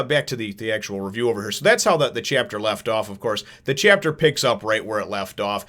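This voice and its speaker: A man in his thirties hosts a relaxed review chat from home for his comic review channel. His mid-range voice sounds pushed and bright, and he rambles enthusiastically, restarting sentences and acting out quotes.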